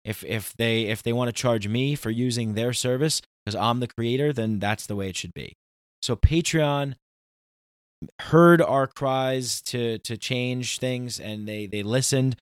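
A man's voice: mid-range voice, a little slow, no room sound. Podcast man ranting in a dry room. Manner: ranting, animated, emphatic. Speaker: podcast host. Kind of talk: casual monologue.

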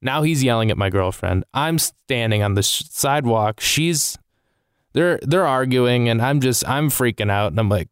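A man's voice: medium pitch, lively intonation, moderate pace, smooth, dry recording, studio quality. A man, a comedian, telling a rambling, self-deprecating story in a casual way.

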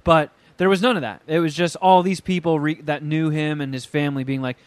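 A man co-hosting a casual podcast chat, telling stories in a profane, animated way with acted-out quotes. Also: a little high, a little fast, clean tone, no room sound. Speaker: podcast co-host.

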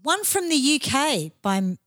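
A woman's voice: high-pitched, sing-song, a little slow, a bit bright, no echo, clean studio sound. An Australian woman co-hosting a podcast in casual chat, tipsy, crude and swearing freely, recorded in a band room. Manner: crude, heavy swearing, laughs easily. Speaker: podcast co-host.

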